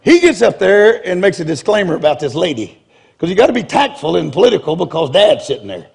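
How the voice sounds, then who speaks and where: A man's voice: high voice, very animated, fast talker, vocal fry, darkish tone, slightly rough. A man preaching in a humorous storytelling style, blunt and self-mocking, often laughing as he talks. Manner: blunt, confrontational delivery.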